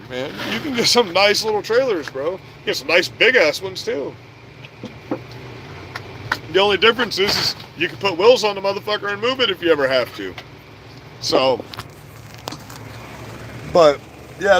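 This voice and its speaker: Ranting bluntly to camera with plenty of profanity, a middle-aged Floridian vlogger keeps things casual. His voice is high and a bit bright, and the recording carries a little hiss or hum.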